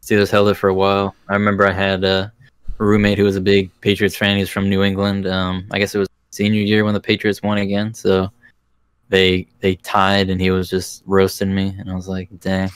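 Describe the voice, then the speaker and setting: Low, flat-voiced laid-back man. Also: fairly quick, clean tone, no room sound, clean studio sound. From Florida. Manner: laid-back, slangy, says "freaking" a lot. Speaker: podcast host. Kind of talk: casual chat.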